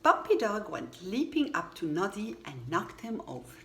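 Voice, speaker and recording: A woman reading a children's storybook aloud, lively and expressive. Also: mid-range voice, normal speed. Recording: echoey room with faint ambient noise.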